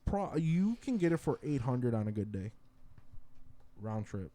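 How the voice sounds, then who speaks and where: A young man co-hosting a podcast, talking in a laid-back, slangy way and getting animated when he tells stories. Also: mid-range voice, unhurried. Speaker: podcast co-host. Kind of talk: casual chat.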